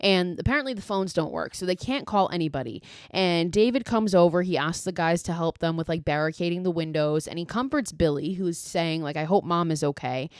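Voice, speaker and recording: Young woman, podcast host, casual profane movie recap, lowish voice, dry close sound. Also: fairly quick, hardly any pauses, smooth, no echo. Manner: profane, animated retelling with quoted lines.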